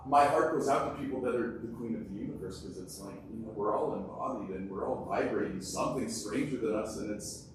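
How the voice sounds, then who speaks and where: A man speaking as a panel guest, candid and halting as he shares personal reflections. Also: on the low side, noisy background. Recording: very echoey room, distant mic.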